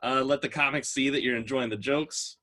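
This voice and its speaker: A man's voice: medium pitch, steady tone, brisk, sharp tone. A man hosting a comedy fundraiser over a video call, with easygoing, joking banter. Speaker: comedy show host. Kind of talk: casual emcee banter.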